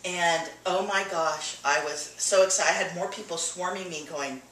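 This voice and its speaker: A woman giving a personal testimony to an audience, animated, laughing often and acting out what others said. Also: on the low side, moderate pace, a little hiss or hum. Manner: animated, laughing often, acts out quoted dialogue. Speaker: testimonial speaker. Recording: echoey room, mic from far off.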